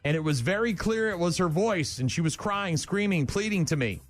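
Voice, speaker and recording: A man's voice: high voice, expressive, normal speed, faint music behind. A man hosting a morning radio show, reading news stories and ranting bluntly with scorn at the people in them.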